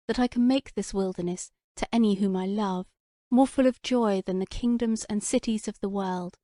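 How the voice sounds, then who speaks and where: A woman voicing a proud, commanding enchantress who speaks softly and caressingly in a storybook. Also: mid-range voice, no room sound, studio quality, natural voice. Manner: soft and caressing, turning to scorn.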